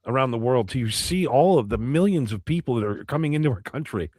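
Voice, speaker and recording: A man's voice: medium pitch, expressive, fairly quick, darkish tone, slightly rough, no room sound, studio quality. A man co-hosting a casual podcast, joking and chuckling in loose fragments. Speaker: podcast co-host. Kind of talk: casual chat.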